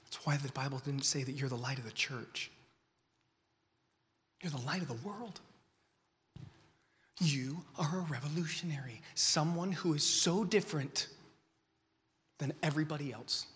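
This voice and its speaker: A man preaching to a young crowd with great passion, dropping to whispers and rising to shouts, while fighting the flu. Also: a little high, a little slow, long pauses, slight background noise. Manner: impassioned, swinging from whispers to shouts. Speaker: speaker at a youth gathering. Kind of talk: sermon. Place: large hall. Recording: long reverb of a large hall.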